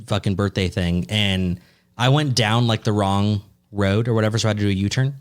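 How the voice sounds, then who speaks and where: A man's voice: fairly low pitch, brisk. A young adult man co-hosting a podcast, telling stories in a profane, ranting way. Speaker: podcast co-host. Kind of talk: casual chat.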